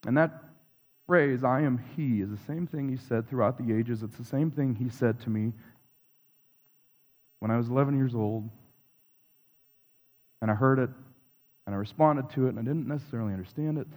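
Male pastor, sermon, mid-pitched, echoey sanctuary, introspective, repeats lines for emphasis. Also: moderate pace, long pauses, a little mellow. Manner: reflective, confessional, builds through repeated phrases. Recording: long reverb of a large hall.

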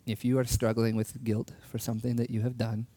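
A man giving a sermon, telling a personal story in an earnest way with soft laughs, and slowing down to stress key words. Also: mid-range voice, monotone. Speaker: preacher.

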